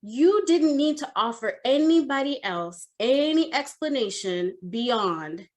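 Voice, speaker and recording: A woman voicing a stern, formal older male office manager who speaks in a firm, measured, commanding way. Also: medium pitch, big pitch swings, warm tone, natural voice.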